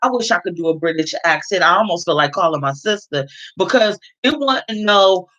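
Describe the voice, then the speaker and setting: A woman's voice: on the low side, lively intonation, a little fast, fairly bright tone, highs cut off. A woman from California giving a blunt, heavily profane commentary rant and repeating her points for emphasis. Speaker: vlogger.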